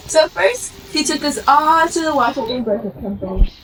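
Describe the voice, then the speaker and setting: A woman vlogger telling a story in a lively, animated way, acting out what the characters say. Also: high voice, normal speed, slight background noise, low-quality recording.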